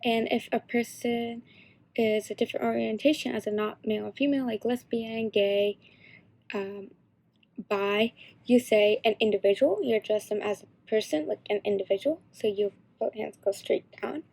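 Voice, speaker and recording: A teenage girl explaining signs in a casual, halting tutorial. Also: fairly high pitch, steady tone, vocal fry, darkish tone. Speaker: sign language instructor.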